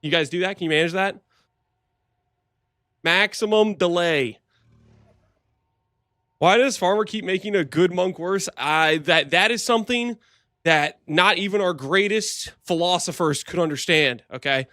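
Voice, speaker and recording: Young male streamer host, high bright voice, playful and teasing, dry close sound. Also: measured pace, long pauses, no echo. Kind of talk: casual stream chat.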